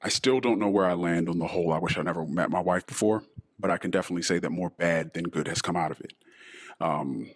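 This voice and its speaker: Deep-voiced man in a disguised voice. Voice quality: deliberately disguised voice. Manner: emotional, halting and sighing. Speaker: podcast host. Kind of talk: personal monologue podcast.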